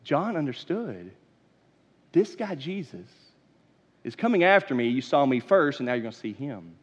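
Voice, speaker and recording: A man preaching a sermon as pastor, animated and folksy, rising in emphasis. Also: medium pitch, moderate pace, husky. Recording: dull lo-fi sound with long hall reverb.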